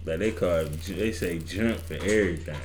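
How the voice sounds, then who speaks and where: A man's voice: low-pitched, fairly quick, darkish tone. A man in a casual group chat, giving blunt opinions with plenty of cursing.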